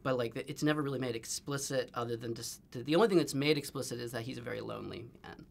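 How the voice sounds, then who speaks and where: A man's voice: medium pitch, quick pace, creaky. Casual male junket interviewer. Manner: casual, uses "like" often.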